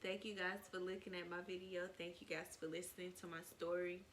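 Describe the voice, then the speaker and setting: A woman's voice: on the low side, little pitch movement, brisk, noisy background. A young woman vlogger telling a casual, rambling story, with many "like"s.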